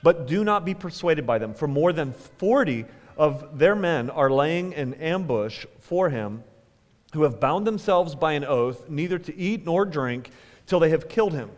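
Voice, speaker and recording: A man's voice: fairly high pitch, animated, measured pace. A man, a pastor, reading scripture aloud to a standing congregation in an earnest, emphatic way. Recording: reverberant hall.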